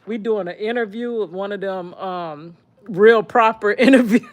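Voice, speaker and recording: A woman hosting a casual interview, with a heavy voice, animated and quick to laugh. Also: medium pitch, no echo.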